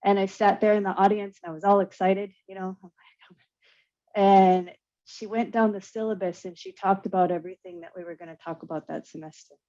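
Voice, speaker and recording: A woman's voice: medium pitch, a little fast. A woman, an artist and curator, telling a personal story earnestly and with feeling on a panel. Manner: earnest, emotional, animated storytelling with laughs. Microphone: video call. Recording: dull lo-fi video call audio.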